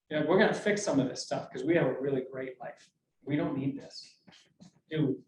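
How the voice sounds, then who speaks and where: A man's voice: a little high, darkish tone. A man giving a motivational talk to a business group in a meeting room, jokey and full of questions to the audience. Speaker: speaker. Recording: roomy, mic from a distance, faint hum.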